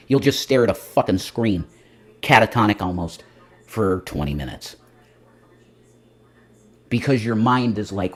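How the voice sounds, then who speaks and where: On a livestream, a man calling himself a reverend rambles through a profane comedy monologue, jumping from loud to muttered. His husky mid-range voice moves at normal speed with lively intonation and long pauses.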